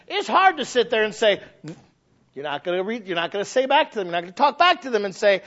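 A man preaching a sermon. His delivery swings from loud shouting to quiet, low asides, and he acts out the quoted voices of his listeners. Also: lively intonation, fast, highs cut off. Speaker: pastor.

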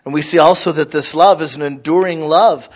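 A man in his thirties preaching a sermon, animated and acting out little scenes in other voices. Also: fairly high pitch, a little fast, highs cut off. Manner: animated, mimics voices for illustrations. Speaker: pastor.

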